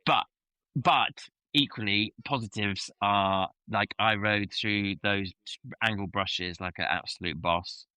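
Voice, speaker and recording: A man's voice: on the low side, steady tone, slow, bright, forceful tone, clean tone, dry recording, poor audio. A man, co-hosting a podcast as an event rider and talking candidly and self-critically in casual chat, with many fillers and the odd swear word.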